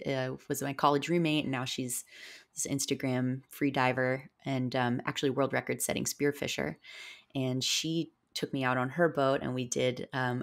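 A woman's voice: extremely low pitch, gravelly. A woman guest on a podcast, telling a personal story in a rambling way with many fillers. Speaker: podcast guest, psychedelic guide. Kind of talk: casual storytelling interview.

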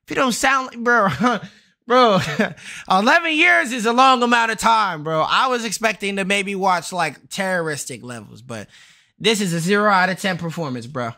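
A man's voice: high voice, animated, moderate pace, vocal fry, pushed and bright. A young man streaming a reaction, mocking the clip in slangy, laughing casual talk.

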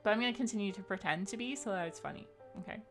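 A woman's voice: mid-range voice, soft background music. Giggly woman streamer reading chat aloud. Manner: upbeat, giggly, reads chat names aloud rapidly. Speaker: game streamer. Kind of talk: casual live-stream chat.

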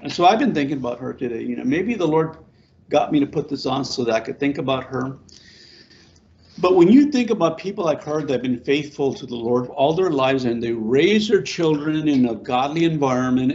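A middle-aged pastor giving an informal sermon to a small congregation, talking conversationally, asking them questions and repeating words. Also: male voice, fairly high pitch, darkish tone, lo-fi sound.

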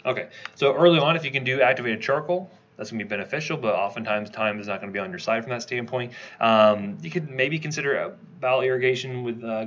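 A man giving a conversational lecture, quizzing his class with quick questions as he teaches. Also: mid-range voice, fairly bright tone, dull audio. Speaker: toxicology lecturer.

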